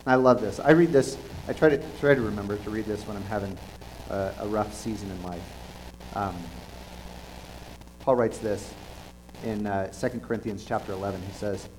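A man's voice: on the low side, steady tone, a little mellow, a little hiss or hum, rough recording. Earnest man preaching a sermon. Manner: earnest, halting, with frequent restarts and fillers. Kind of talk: conversational sermon.

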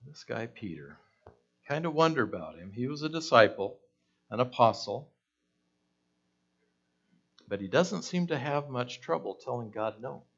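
A man's voice: mid-range voice, very animated, unhurried, creaky, pauses often, a bit bright, dull audio. A man preaching a conversational sermon, asking the listeners questions and acting out the voices in the story.

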